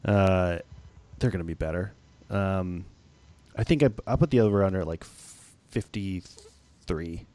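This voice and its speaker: A man's voice: deep voice, unhurried, pauses often, warm tone, no room sound. A man co-hosting a casual sports podcast, joking and laughing often, loose and a little profane. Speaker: podcast co-host.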